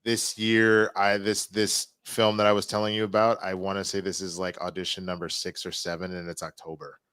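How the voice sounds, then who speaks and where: A man hosts a live stream in a relaxed, chatty way, his sentences trailing off and starting over. His voice is smooth and resonant. The sound is dry and close. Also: low-pitched, a little fast, no room sound. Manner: loose, chatty, trails off and restarts. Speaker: show host. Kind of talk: casual live-stream chat.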